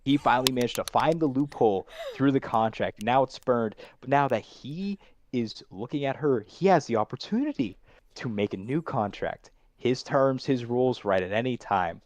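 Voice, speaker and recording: A man, a voice acting student, reflecting on his performance in a casual coaching chat and speaking quickly when he explains. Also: mid-range voice, no echo.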